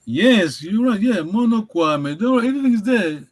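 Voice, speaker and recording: A man's voice: sits high, animated, fairly quick, poor audio. A man teaching a language over a video call, encouraging and repetitive, often laughing. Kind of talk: online language lesson.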